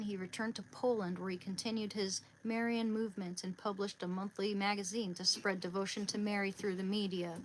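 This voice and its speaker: Brief: woman, mid-pitched, soft and halting, emotional, near tears, home livestream. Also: slight background noise. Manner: soft-spoken, tearful and halting, with restarts. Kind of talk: casual livestream chat and prayer reading. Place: small room at home.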